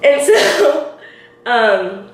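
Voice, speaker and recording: In her twenties, this beauty vlogger does her makeup while telling a story, acting out what people said in lively voices and giggling often. Her pitch is fairly high and her pace very slow, in a chatty get-ready-with-me format. The recording has a roomy echo and faint hiss.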